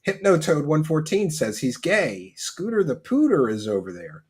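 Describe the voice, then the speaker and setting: Husky, animated male stream host. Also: a little high. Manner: mock-ranting, joking, quick to laugh. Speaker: livestream host. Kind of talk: livestream commentary, reading chat.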